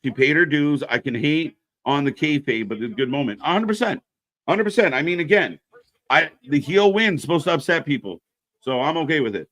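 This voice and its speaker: A man's voice: on the high side, lively intonation, fairly quick, a bit bright, no room sound. A man co-hosting a wrestling live stream, in casual, profane chat that reacts to the action and answers viewers.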